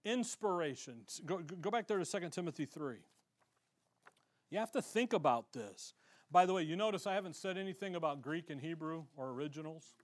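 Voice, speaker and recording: A man's voice: on the high side, expressive, a little fast. A male pastor preaching a sermon in a conversational way, acting out the voices of the people he quotes.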